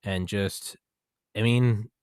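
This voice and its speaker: A man's voice: lowish voice, steady tone, extremely slow, a little mellow, clear, resonant tone, no echo, studio quality. A young man hosting a podcast, telling a story casually with lots of swearing, and quoting himself and others. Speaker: podcast host. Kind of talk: casual conversation.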